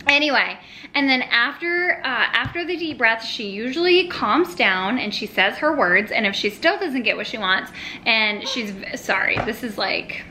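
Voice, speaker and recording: A woman's voice: a little high, expressive, normal speed, pushed and bright, a little hiss or hum, rough recording. A mother talking casually to the camera at home about parenting, chatty and full of little asides. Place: at home with her toddler nearby.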